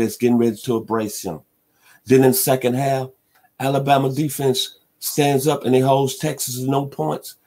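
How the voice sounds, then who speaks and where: A man hosting a sports talk radio show, retelling an old football game with dramatic flair and chanting crowd cheers along the way. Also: mid-range voice. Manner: animated storyteller who chants crowd cheers and hums band tunes.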